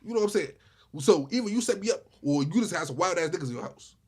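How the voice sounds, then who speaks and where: Husky fast-talking man telling a story. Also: high-pitched. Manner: animated retelling with many repeated starts. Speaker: storyteller vlogger. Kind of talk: casual storytime.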